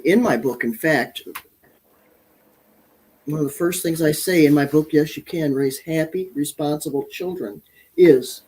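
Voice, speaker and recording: A woman's voice: deep voice, mellow, husky, rough recording. A woman from Michigan, a parenting author, speaking candidly as an interview guest, with frequent restarts. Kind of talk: interview conversation.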